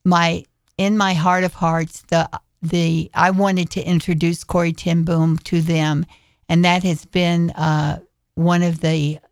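A woman guest in a radio studio, speaking in a slow, earnest way with pauses. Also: on the low side, no room sound. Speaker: guest performer. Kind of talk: radio interview.

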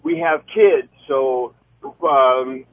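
A man's voice: medium pitch, animated, very slow. A man in his forties calling in to a radio show, telling his story in a friendly, chatty way. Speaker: caller. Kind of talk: casual call-in story. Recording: husky tinny phone line.

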